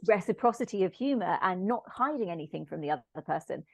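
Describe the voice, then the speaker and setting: A woman talking as a podcast guest, thoughtful and reflective, often pausing to search for words. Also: fairly low pitch, animated, gravelly, husky, dry recording. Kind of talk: thoughtful conversational discussion.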